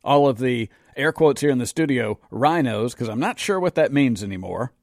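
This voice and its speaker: A man's voice: mid-range voice, animated, a little fast, darkish tone, no room sound. A middle-aged man with a sarcastic, emphatic manner, delivering an opinionated monologue in a studio as host. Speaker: political commentary host.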